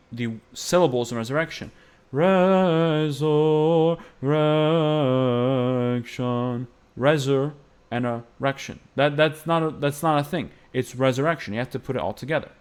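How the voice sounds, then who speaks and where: A man's voice: mid-range voice, lively intonation, brisk. A man teaching Byzantine-style chant phrasing, explaining patiently and singing short phrases to demonstrate. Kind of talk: music lesson with sung demonstrations.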